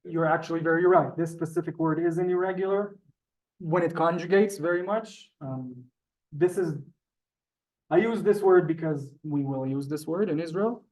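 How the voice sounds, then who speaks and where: A male teacher leads a live beginner Hebrew class in a synagogue classroom that is also streamed on Zoom. His voice is on the high side with a darkish tone at normal speed, and he is polite and chatty, often addressing students as "sir".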